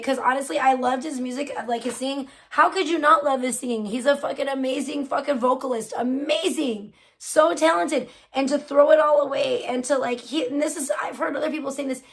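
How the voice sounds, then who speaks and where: A high-pitched woman talks straight to her livestream chat. She swears freely and speaks bluntly and heatedly, like she's venting to friends from a home streaming setup. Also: vocal fry. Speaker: livestream host. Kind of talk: casual live-stream chat with viewers.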